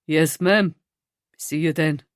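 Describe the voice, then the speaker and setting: A woman voicing a soft-spoken young man, her tone dropped a little lower and kept relaxed and gently teasing. Close and dry, as in a storybook read in a booth. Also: slow, no echo. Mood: fond.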